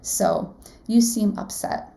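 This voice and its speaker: A woman's voice: mid-range voice, slow, creaky, mellow. A woman leading a live online class as a nursing exam instructor, talking conversationally, often asking the audience questions and saying "right?". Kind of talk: live webinar teaching.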